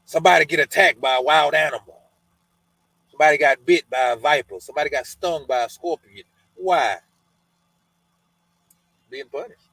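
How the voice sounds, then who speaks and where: A man's voice: fairly high pitch, moderate pace, long pauses, a bit bright, no echo, rough recording. Casual man reading scripture, dry sound. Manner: conversational and colloquial, often adds "man" and "you know". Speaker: podcast host.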